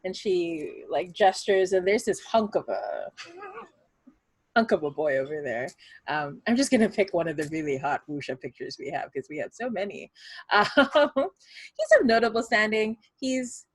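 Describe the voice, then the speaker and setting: A woman's voice: fairly low pitch, expressive, moderate pace, breathy edge, no echo. A woman narrating a tabletop game as game master in a chatty, rambling way. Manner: chatty, many fillers and restarts, laughs.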